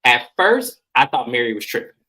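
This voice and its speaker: Bright-voiced chatty TV recap vlogger. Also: mid-range voice, sing-song, moderate pace, low-quality recording. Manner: chatty, acts out quoted lines in shifting voices; slangy, informal phrasing. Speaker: recap reviewer. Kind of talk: casual episode recap.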